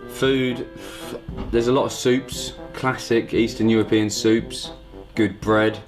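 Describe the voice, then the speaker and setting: A man's voice: fairly low pitch, steady tone, slow pace, music in the background, rough recording. A man hosting a casual vlog, dry and self-mocking, with lots of ums. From England. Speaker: host.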